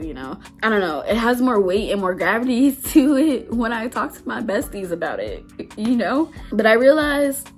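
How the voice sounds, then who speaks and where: A woman's voice: on the high side, very animated, moderate pace, faint music behind. A woman in her twenties, talking candidly and emotionally to her viewers, close to tears and laughing nervously. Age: 20s. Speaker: vlogger. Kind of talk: personal talk to camera.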